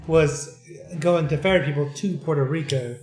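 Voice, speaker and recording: A man's voice: a little high, moderate pace. Laid-back man in an echoey room. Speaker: co-host. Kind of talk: casual chat. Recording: echoey room, faint music.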